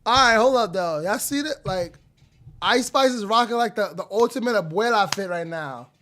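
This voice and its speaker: A man's voice: high voice, expressive, moderate pace, slight background noise. A young man streaming live, reacting to music in a hyped, slangy way. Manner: hyped, slangy, loud outbursts and laughter.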